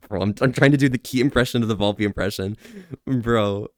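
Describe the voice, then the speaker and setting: A man's voice: on the low side, normal speed, no room sound, studio quality. A young man livestreaming and chatting casually with viewers. He rambles energetically and laughs at himself. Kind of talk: casual live-stream chat.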